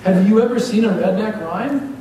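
A man preaching a sermon as pastor, lively and joking as he urges the congregation on. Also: high voice, moderate pace. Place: church sanctuary. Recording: echoey hall from far off, faint hiss.

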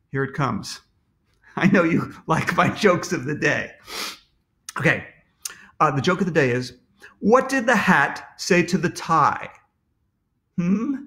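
A man's voice: a little high, fairly bright tone, echoey room. A man reading his own children's book aloud to kids, upbeat and playful, talking straight to them.

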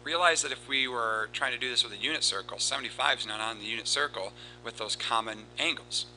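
A man teaching a recorded math lesson, explaining steps in a steady, explanatory way and reciting formulas in a rhythmic cadence. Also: mid-range voice, quick pace, slight background noise, low-quality recording. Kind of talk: recorded lesson with board work.

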